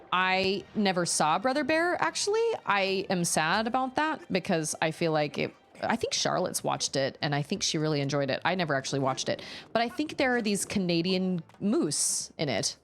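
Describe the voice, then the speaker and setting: A woman's voice: on the low side, big pitch swings, normal speed, a bit bright, soft background music. A young adult woman live-streaming a video game, chatting casually and giggling, with lots of "like" and "um". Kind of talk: casual live-stream chat while gaming.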